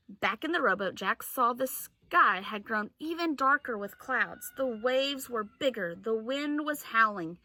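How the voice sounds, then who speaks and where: Slow, bright teacher reading aloud. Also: female voice, a little high, animated, no room sound. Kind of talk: reading a chapter book aloud.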